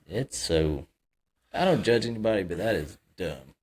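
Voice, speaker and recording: A man's voice: on the low side, animated, moderate pace, slightly rough. A man co-hosting a casual podcast chat, talking loosely with lots of fillers and agreeing easily. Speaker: podcast co-host.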